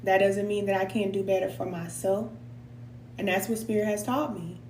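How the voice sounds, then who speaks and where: A woman's voice: mid-range voice, steady tone, moderate pace, darkish tone, echoey room, slight background noise. A middle-aged woman giving a heartfelt, preacher-like spiritual talk, at times emotional and sighing, with casual slang. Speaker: spiritual reader and coach. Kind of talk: live tarot reading and motivational talk.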